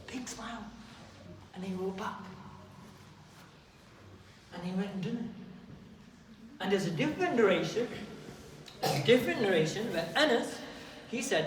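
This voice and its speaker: Lively man telling a story to kids. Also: high-pitched, moderate pace, long pauses. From England. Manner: lively, asks the kids questions, acts out voices. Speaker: youth speaker. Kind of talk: storytelling talk to children. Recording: echoey hall, far mic, faint background hum.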